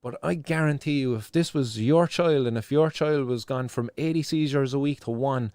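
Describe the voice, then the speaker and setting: A man's voice: medium pitch, normal speed, darkish tone, smooth, dry recording. An Irish man hosting a live news show, giving impassioned, emotional commentary, swearing freely and repeating himself as he presses his point.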